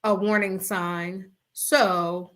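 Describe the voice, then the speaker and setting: A woman's voice: medium pitch, drawn-out words. A woman hosting a podcast in casual chat over an internet call, telling stories with animation and acting out what people said. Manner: animated storyteller who acts out quotes. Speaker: podcast host. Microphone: remote call over the internet.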